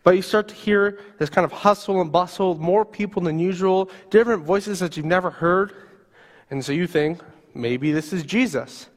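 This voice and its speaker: Preacher telling a story in a hall. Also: male voice, high-pitched, moderate pace. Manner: vivid second-person storytelling. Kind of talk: sermon storytelling.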